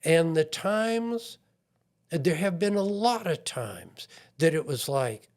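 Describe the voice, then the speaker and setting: A man's voice: a little high, lively intonation, takes it slowly, darkish tone. A man speaking as an interview guest, an IT consultant talking in an earnest, self-deprecating way. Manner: earnest and self-deprecating, acts out quoted voices. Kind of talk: conversational podcast interview.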